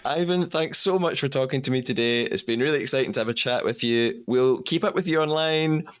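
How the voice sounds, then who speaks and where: A man's voice: mid-range voice, clean tone. A man hosting a podcast, chatting playfully with a guest. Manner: chatty, playful, quick to laugh. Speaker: podcast host. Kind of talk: casual interview chat.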